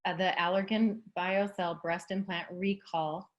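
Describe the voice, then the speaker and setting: A woman's voice: lowish voice, little pitch movement, measured pace, dull audio. A woman interviewing a guest, reading out information and responding supportively. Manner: supportive, reads out information, agrees often. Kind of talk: conversational interview.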